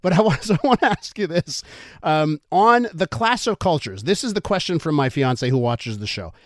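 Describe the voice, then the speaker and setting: A man's voice: a little high, expressive, normal speed, no room sound. A man hosting a radio interview in a studio, eager and self-deprecating, laughing often with his guests. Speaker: radio host.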